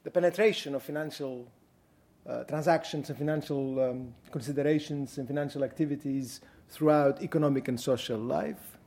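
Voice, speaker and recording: Greek-accented man lecturing, mellow voice. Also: mid-range voice, fairly even intonation. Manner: measured, deliberate, frequent ums. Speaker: guest lecturer. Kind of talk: academic lecture. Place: university lecture hall.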